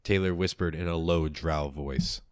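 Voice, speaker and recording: A man with a very low, deep voice narrates a tabletop adventure as game master, in a measured and playful storytelling manner. He also delivers the podcast's announcements and sign-off. The sound is dry and close, with no room to it. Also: steady tone, no room sound.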